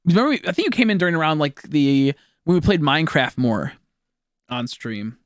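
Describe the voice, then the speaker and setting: A young man streaming a video game, chatting casually with viewers, excitable, profane and often laughing. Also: fairly high pitch, fairly quick, dry recording, studio quality. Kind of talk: casual gameplay stream commentary.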